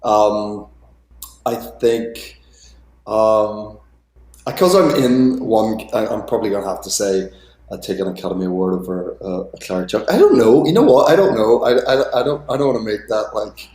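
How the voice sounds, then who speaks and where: A man in his thirties talks as an interview guest, speaking fairly low and stopping often for ums and false starts. His voice comes through a remote call and sounds roomy and echoey. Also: normal speed, darkish tone. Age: 30s. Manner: hesitant, many ums and restarts. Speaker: guest actor. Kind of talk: casual interview chat.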